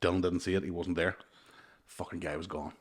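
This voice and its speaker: A man hosting a comedy podcast, telling animated stories in casual chat and swearing freely. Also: low-pitched, brisk, slightly rough.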